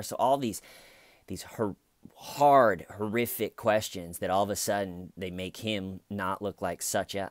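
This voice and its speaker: Sarcastic man with a low, dry voice. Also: moderate pace, dry recording. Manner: sarcastic, profane, mimics people he talks about. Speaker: commentary channel host. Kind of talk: casual true-crime commentary.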